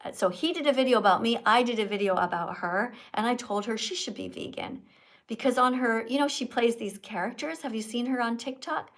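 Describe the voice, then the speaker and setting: A chatty woman from Canada hosts a live stream over a phone mic, speaking in a slightly high voice. She quizzes guests like a teacher, animated and talkative. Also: a little fast. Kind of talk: casual live stream chat with viewers.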